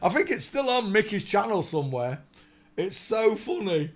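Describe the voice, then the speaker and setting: Brief: male streamer, higher-pitched, rambling and sarcastic, laughs a lot. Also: big pitch swings, moderate pace. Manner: rambling, mocking, bursts into laughter. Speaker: live stream host. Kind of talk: casual live-stream commentary.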